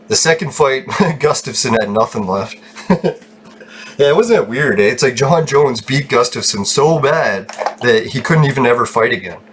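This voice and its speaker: A man's voice: mid-range voice, a bit bright, slight background noise. A young man, chatting casually while gaming, rambling, swearing freely and laughing often. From Canada. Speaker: gaming channel host.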